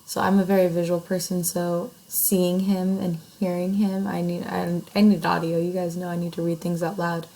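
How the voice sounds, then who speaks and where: A woman teaches a recorded lesson with a low, gravelly voice. She explains each point step by step and keeps checking in with her students. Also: level tone, moderate pace, hardly any pauses, dark tone, rough recording.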